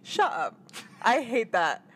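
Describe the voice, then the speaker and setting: A woman co-hosting a casual chat podcast, with a fairly high voice and a blunt, sarcastic way of talking that is full of swearing. A faint hiss sits under her voice. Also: big pitch swings, slow pace. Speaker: podcast co-host.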